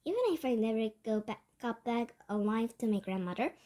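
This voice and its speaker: A brave young boy turned mouse speaks with eager excitement in a children's storybook, voiced by a woman reading aloud. His voice sits high and light. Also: a little fast, close to an everyday voice. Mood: excited.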